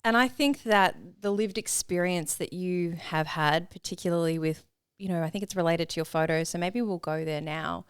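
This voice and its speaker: A woman hosts a podcast interview and guides her guest with gentle, measured questions. Her voice is smooth and clear and sits fairly low for a woman. It is recorded dry and close, with no room sound. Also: dry recording. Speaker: podcast host.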